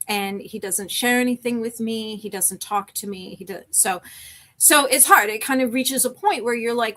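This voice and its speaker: A woman's voice: a little high, normal speed, a bit bright. A middle-aged woman, hosting a live stream and talking candidly and emotionally in a rambling, casual way. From Canada.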